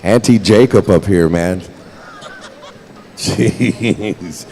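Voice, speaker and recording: A man's voice: low-pitched, takes it slowly, darkish tone, rough recording. A man emceeing a pow wow, calling dancers to the arena and joking with the crowd between announcements. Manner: upbeat, joking banter with the crowd. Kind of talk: live event announcing over a PA.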